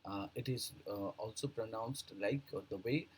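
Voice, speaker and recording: A man's voice: fairly low pitch, normal speed, a little hiss or hum, poor audio. A man teaching a vocabulary lesson, reading out words and their definitions with fillers and self-corrections.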